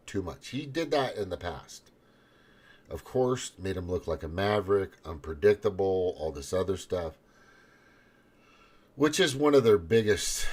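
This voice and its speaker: Man, podcast host, rambling casual monologue, profane, very low voice, husky. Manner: rambling, profane, many restarts.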